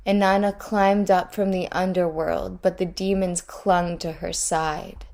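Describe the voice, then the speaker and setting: A woman reading a storybook aloud in a measured, deliberate way. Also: on the low side, flat delivery, a little mellow.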